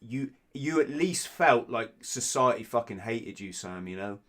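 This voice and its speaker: A man's voice: mid-range voice, lively intonation, a bit bright. British man, podcast guest, candid storytelling, swears freely, stumbles and restarts, mid-range voice. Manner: blunt, sweary, halting restarts.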